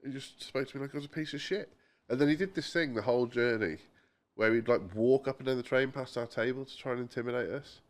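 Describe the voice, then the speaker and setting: A young man co-hosts a casual podcast, spinning chatty anecdotes, quoting people in voices, and swearing mildly. His voice is mid-range and he talks quickly, with hardly any pauses.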